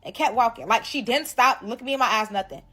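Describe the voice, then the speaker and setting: A woman telling a personal story in a casual storytime, animated and emphatic, cursing freely. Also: on the high side, fairly quick, soft background music.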